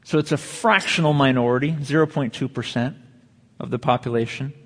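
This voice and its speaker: A pastor delivering a sermon, drawing out key phrases slowly and asking the congregation rhetorical questions. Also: male voice, medium pitch, long reverb tail. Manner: measured preaching with slow emphatic phrases and rhetorical questions.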